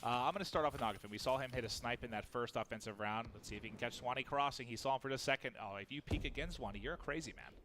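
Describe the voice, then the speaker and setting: A man calling play-by-play as an esports commentator, excitable and quick, rising sharply at big plays. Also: medium pitch, noisy background.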